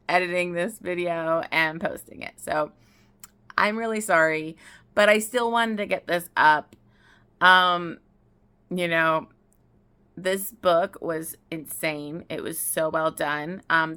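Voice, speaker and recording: A tearful young woman talks about books in a casual outdoor vlog, rambling emotionally and often restarting what she's saying. Her voice is low and bright, forceful yet clean in tone.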